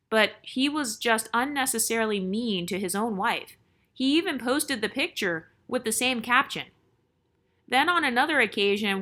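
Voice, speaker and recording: Woman host, bright tone, casual storytime reading with chatty asides. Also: fairly high pitch. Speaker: channel host. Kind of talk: reading a viewer's story and commenting.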